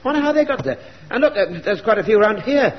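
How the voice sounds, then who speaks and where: Polite vague clerk, lilting voice, muffled old radio sound. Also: male voice, high voice, very animated, quick pace, slight background noise. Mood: diffident. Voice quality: diffident, vague. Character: polite, diffident male chief clerk, vague. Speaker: chief clerk. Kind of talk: 1970s radio comedy acting.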